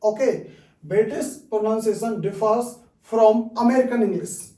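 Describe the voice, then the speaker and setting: A man teaching an online English lesson. He drills words slowly and keeps checking in with "okay?". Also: high voice, mellow, reverberant, far from the mic, poor audio.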